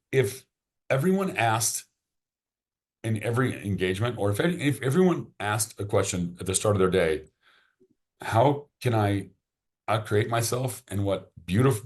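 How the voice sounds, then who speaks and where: A man, a podcast guest, chatting casually and enthusiastically, often restarting his sentences. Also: lowish voice. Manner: enthusiastic, rambling, repeats words when starting sentences.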